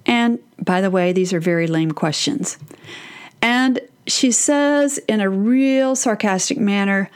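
Woman in her 50s, parenting advice, earnest, loves a metaphor, mid pitch. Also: lively intonation, measured pace.

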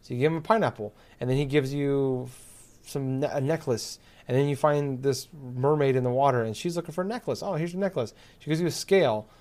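A man's voice: mid-range voice, brisk, darkish tone. A man in casual chat, ranting with exasperation and heavy swearing, full of fillers.

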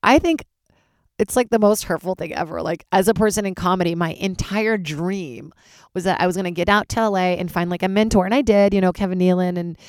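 Low-voiced woman comic rambling animatedly. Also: fast, no echo, clean studio sound. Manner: animated, swears freely, big jumps in pitch. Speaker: stand-up comedian and podcast host. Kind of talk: casual rambling monologue.

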